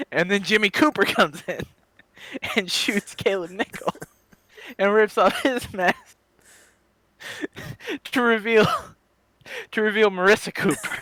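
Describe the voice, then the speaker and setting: Young man, podcast co-host, bright forceful voice, fairly high, dry close sound, keeps cracking up. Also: very animated, slow pace, long pauses, no echo. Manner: laughs constantly, riffing on absurd bits. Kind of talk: casual chat.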